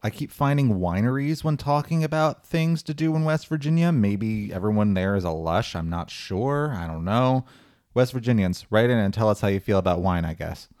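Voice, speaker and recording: A man's voice: on the low side, lively intonation, moderate pace, darkish tone. A man co-hosting a podcast, telling a story in a chatty way with joking asides. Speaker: podcast co-host. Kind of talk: casual chat and storytelling.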